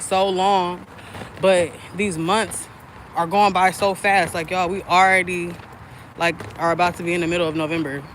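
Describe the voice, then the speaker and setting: A woman's voice: fairly low pitch, background noise. A woman around thirty in a candid, rambling livestream chat, swearing freely and filling gaps with "like" and "um". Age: about 30. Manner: candid, profane, rambling with frequent fillers. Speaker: spiritual content creator and mother.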